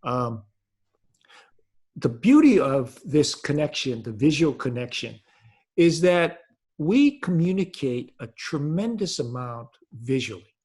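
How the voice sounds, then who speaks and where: A man giving an earnest, explanatory webinar talk over a video call, pausing often to find his words. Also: fairly high pitch, big pitch swings, darkish tone, slightly rough. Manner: earnest and unhurried, with frequent hesitations. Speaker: webinar presenter.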